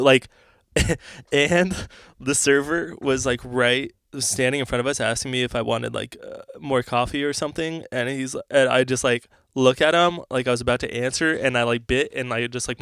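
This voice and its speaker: A man co-hosting a podcast, telling a story in a casual, animated way with frequent laughter. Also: medium pitch, dry recording, studio quality. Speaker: podcast co-host, band member.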